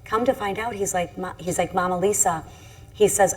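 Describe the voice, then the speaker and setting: A middle-aged woman from Michigan speaks on a discussion panel as a congresswoman. Her voice sits a little low, and she tells her story earnestly and candidly, often faulting herself. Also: moderate pace, slight background noise.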